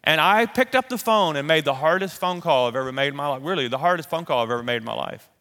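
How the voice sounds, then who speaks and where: A man preaching a sermon, telling a personal story in a lively, animated way and acting out the voices of the people in it. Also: fairly high pitch, quick pace. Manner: animated, acts out quoted voices. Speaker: pastor. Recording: long reverb of a large hall.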